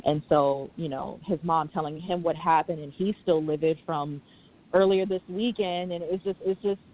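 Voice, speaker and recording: A young woman calling in to a talk show, speaking haltingly and fighting back tears. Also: low voice, fairly even intonation. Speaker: caller. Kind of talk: emotional call-in. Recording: tinny phone line.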